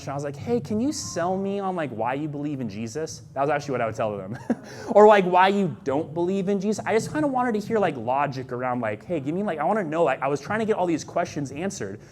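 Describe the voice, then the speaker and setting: Young man, casual storytelling, animated, lots of "like", faint hiss behind. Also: a little high. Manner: animated, acts out quoted voices, many fillers. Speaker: storyteller sharing a personal testimony. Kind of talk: casual testimony.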